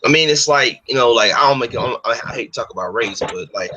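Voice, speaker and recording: A man's voice: medium pitch, lively intonation, bright, forceful tone, dull audio. A man in a casual talk, speaking in exasperated, profane outbursts. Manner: fast, exasperated, heavy swearing.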